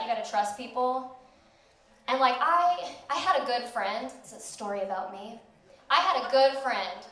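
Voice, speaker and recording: A young woman doing a stand-up comedy set on a club stage, delivering deadpan, self-mocking punchlines. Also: fairly high pitch. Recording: echoey club, voice from far off.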